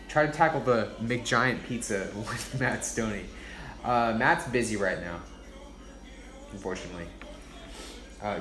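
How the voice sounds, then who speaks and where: A man's voice: medium pitch, a bit bright, a little hiss or hum. A man hosting a casual livestream, joking and mocking himself with lots of swearing while he cooks. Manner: profane, joking, self-mocking.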